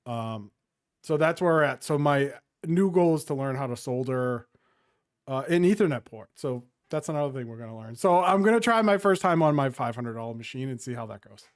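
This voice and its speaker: A man's voice: medium pitch, animated, fairly quick. A man co-hosting a gaming podcast, telling a long rambling story in casual chat. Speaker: podcast co-host.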